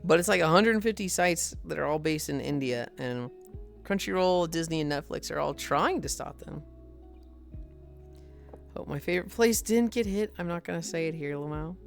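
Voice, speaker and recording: A woman's voice: low voice, expressive, normal speed, creaky, soft background music. A woman streamer chatting casually with viewers, swearing freely and laughing often.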